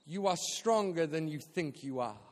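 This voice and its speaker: A man with a high, bright-pitched voice preaches a story-driven sermon, joking and acting out his own quotes with lively energy. He was recorded live in a church hall, and his voice carries a long reverb tail. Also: moderate pace. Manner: animated, jokey, acts out quotes. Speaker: guest speaker at a church. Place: church auditorium.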